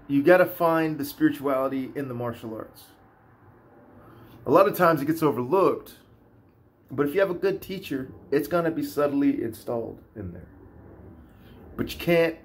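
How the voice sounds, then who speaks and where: A man ranting in a casual vlog, animated and profane, often repeating himself. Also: on the high side, normal speed, long pauses. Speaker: vlogger. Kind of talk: casual rant.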